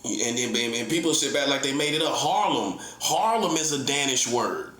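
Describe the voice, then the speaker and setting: A man's voice: fairly high pitch, very animated, moderate pace, fairly bright tone. Combative preaching man in an echoey room. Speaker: self-styled prophet. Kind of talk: heated online monologue.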